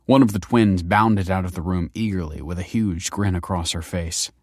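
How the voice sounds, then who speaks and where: A man narrating a story in a measured, wry manner. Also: low voice, darkish tone, no room sound, clean studio sound. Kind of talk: scripted narration.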